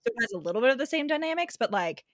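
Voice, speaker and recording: A young woman co-hosting a podcast, chatting in an animated, gushing way and saying "like" often. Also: a little high, racing, no echo, clean studio sound. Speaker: podcast co-host discussing romance novels. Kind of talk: casual chat.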